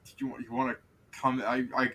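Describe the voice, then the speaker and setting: A man's voice: medium pitch, level tone, brisk, a bit bright, slight background noise, close to an everyday voice. A man voicing an awkward young male wizard who is bookish, socially clumsy and stammers with hesitation. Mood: flustered. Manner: hesitant, stammering, full of fillers.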